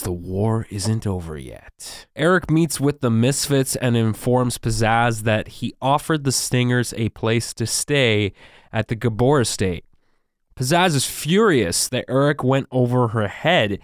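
A man co-hosting a podcast, calmly summarizing a cartoon plot in a measured way. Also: medium pitch, no echo, studio quality. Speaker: podcast co-host. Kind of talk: narrating episode recap.

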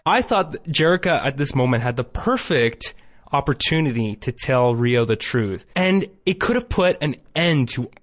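A man talks casually as a podcast co-host, with a middle-pitched voice that stays even. He reads the plot recap, then drops in dry, sarcastic remarks. He is heard through a remote call mic. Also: moderate pace. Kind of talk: casual chat and read recap.

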